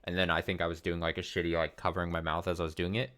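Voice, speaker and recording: A man's voice: low-pitched, level tone, very fast, fairly bright tone. A man in his thirties giving rambling, profane let's play commentary full of fillers and restarts. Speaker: streamer.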